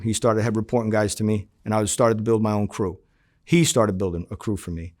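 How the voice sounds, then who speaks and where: A man's voice: fairly low pitch, a little mellow. A middle-aged man, a former undercover agent, telling his story in an interview, acting out quoted dialogue and swearing freely.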